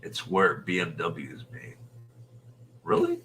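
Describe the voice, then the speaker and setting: A man in his sixties from Utah, a show host chatting casually with viewers, rambling and muttering soft half-whispered asides. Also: rumbling low, lively intonation, unhurried, faint music behind. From Utah, USA. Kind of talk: casual livestream chat.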